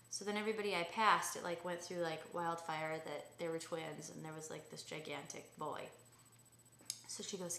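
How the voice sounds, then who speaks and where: A woman's voice: fairly low pitch, steady tone, moderate pace, vocal fry, a bit bright, slight background noise. Chatty rambling woman in an echoey room. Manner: chatty, rambling, full of fillers and asides. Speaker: vlogger. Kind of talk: casual storytelling rant.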